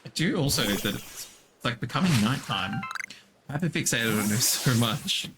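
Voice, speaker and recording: Music plays in the background as an animated gaming streamer talks at a normal pace. He offers lighthearted commentary on his game and coos at creatures in a high squeak.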